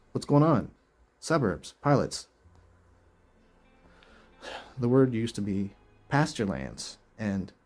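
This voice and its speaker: A man's voice: medium pitch, a little mellow, slightly rough. A man hosting a video, reading verses aloud and reacting with incredulous, chuckling rhetorical questions in casual commentary. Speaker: video host.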